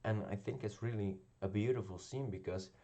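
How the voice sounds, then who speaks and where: A man's voice: lowish voice, brisk, dark tone. A man giving a casual spoken review of a television episode, talking hesitantly with many ums and restarts. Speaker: video reviewer.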